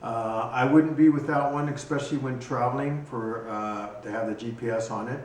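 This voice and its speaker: A man who trains hunting dogs explains his gear in a casual instructional video, talking haltingly with frequent ums and restarts. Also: mid-range voice, steady tone. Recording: echoey room, distant mic, faint noise.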